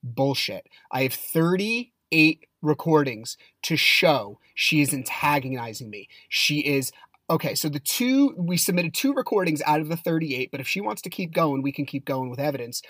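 A man's voice: fairly high pitch, lively intonation, moderate pace, fairly bright tone, no room sound, studio quality. A man hosting his own podcast, telling a personal story in a casual monologue with a heated, blunt manner. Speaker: podcast host.

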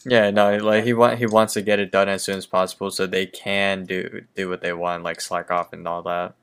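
Smooth low-voiced male podcast co-host. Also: flat delivery, moderate pace, fairly bright tone. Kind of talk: casual chat recapping a cartoon episode.

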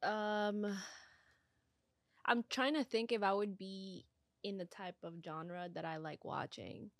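A woman's voice: medium pitch, slow, vocal fry, no room sound. A woman guest on a podcast in casual chat, laid-back and a little hesitant, in a studio.

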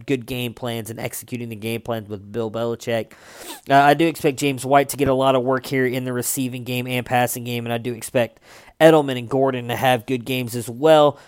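A young man works through his fantasy football rankings in a relaxed, chatty way, pausing on fillers as he goes. His voice is smooth and clean, recorded close and dry with no room sound. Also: mid-range voice, no echo. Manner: relaxed, conversational, frequent uh fillers. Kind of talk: casual ranking commentary.

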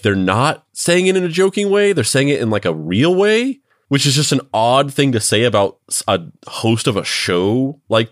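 A man's voice: on the low side, no room sound, clean studio sound. A man co-hosting a podcast who rambles in casual chat, full of "like" fillers. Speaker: podcast co-host.

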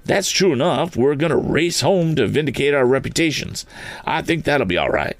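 A man voicing a confident male balloonist laying out plans, in a brisk, decisive manner. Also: on the high side, lively intonation, dry recording, pitched above the performer's own voice.

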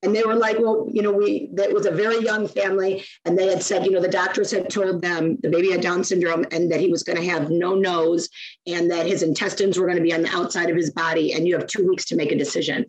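Animated woman telling stories. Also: fairly low pitch, fast, low-quality recording. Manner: animated storyteller, acts out quoted speech. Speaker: guest, nonprofit founder. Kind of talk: casual interview chat.

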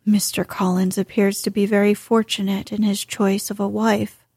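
A woman reading the lines of a reserved, proud young gentleman in a formal, measured way, in an audiobook. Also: mid-range voice, flat delivery, husky, no echo, clean studio sound.

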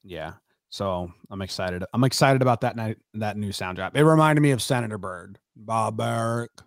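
A man's voice: fairly low pitch, normal speed, no room sound, clean studio sound. A man co-hosting a casual podcast chat, rambling and laid-back with lots of fillers. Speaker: podcast co-host.

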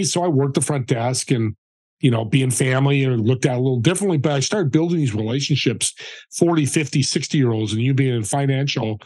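Animated storytelling man, dry close sound. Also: mid-range voice, no echo, low-quality recording. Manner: animated, acts out quoted dialogue. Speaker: podcast guest. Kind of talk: casual storytelling.

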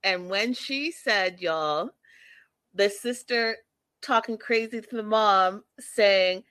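Woman vlogger, casual sassy recap host, bright tone, unhurried, dry close mic. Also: medium pitch, clear, resonant tone, dry recording. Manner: animated, sassy, addresses viewers as y'all, acts out quotes.

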